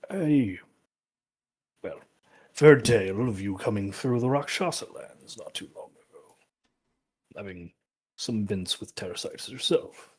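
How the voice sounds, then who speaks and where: Low husky-voiced man playing a game. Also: a bit bright. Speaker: player. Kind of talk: playing a character in a tabletop game.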